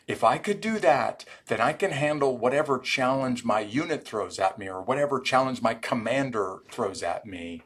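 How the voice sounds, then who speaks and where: A man's voice: mid-range voice, slightly rough. A middle-aged man, a former Army Ranger, telling stories in a podcast interview and acting out the dialogue. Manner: animated storyteller acting out quoted dialogue.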